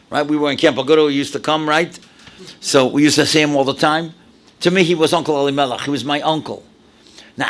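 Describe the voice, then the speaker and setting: A man in his seventies from New York, a rabbi telling stories in a dramatic, animated lecture. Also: on the high side. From New York, USA. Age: 70s. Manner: animated, dramatic storyteller with sudden drops and exclamations. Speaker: rabbi, speaker. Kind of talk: storytelling lecture to an audience.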